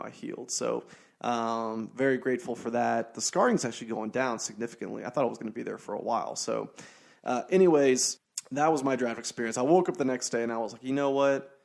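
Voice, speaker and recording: A man's voice: mid-range voice, vocal fry, darkish tone. A young man hosting a casual solo podcast, telling stories and talking sports in a rambling, profane way full of fillers. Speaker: podcast host.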